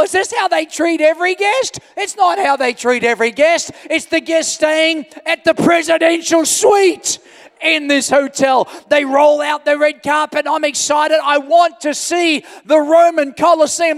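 High, gravelly man preaching in a hall. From Australia. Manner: animated storyteller, often shouting for emphasis. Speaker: pastor. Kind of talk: storytelling sermon. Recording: long hall reverb.

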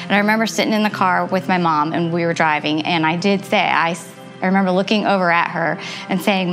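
A woman in her thirties telling her personal faith testimony earnestly and reflectively, with soft laughs. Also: fairly low pitch, fairly even intonation, fast. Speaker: testimony guest. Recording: music playing underneath.

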